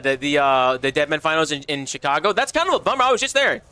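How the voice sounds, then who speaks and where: A young man streaming live with a bright, forceful voice that sits a little high for a guy. He talks in loose slang, answers chat as he goes, and jumps from low mumbles to excited bursts. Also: quick pace, clean tone, no echo. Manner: animated, slangy, reads chat aloud. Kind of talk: casual livestream chat.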